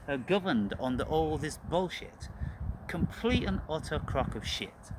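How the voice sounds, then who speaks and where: A man's voice: high voice, fairly bright tone, a little hiss or hum. A man hosting his own channel, delivering an angry, profane rant about spirituality, repeating himself and calling out to "people.". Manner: profane, ranting, repetitive, addresses listeners as "people". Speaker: channel host.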